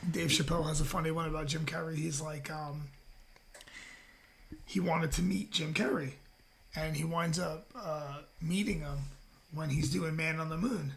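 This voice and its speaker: A man's voice: on the high side, moderate pace, vocal fry. A man hosting a podcast, telling stories in casual chat, swearing a lot and acting out the people he quotes. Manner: animated storyteller, swears a lot, acts out quotes. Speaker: podcast host. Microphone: headphones with mic.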